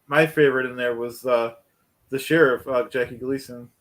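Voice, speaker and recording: Co-host, male, 40s, mid pitch, easygoing chat. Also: fairly even intonation, normal speed. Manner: easygoing, short agreeing replies. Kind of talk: casual chat.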